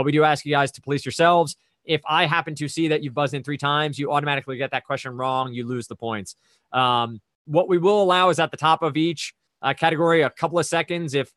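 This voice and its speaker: A man's voice: fairly high pitch, fairly bright tone, no echo. Chatty male trivia host on a dry video call. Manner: conversational, methodical, chatty asides. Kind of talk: explaining rules and reading clues.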